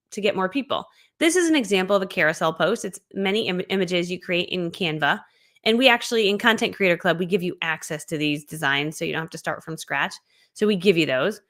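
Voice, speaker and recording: With a medium-pitched voice, a woman runs a live online business training in a high-energy, chatty style, laughing often.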